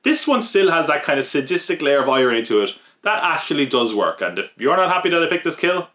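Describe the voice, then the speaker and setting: A man's voice: fairly high pitch, very animated, quick pace, bright, forceful tone. A man hosting a podcast countdown of horror-film kills, with wry, jokey asides to the listener. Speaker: podcast host. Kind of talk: scripted countdown commentary.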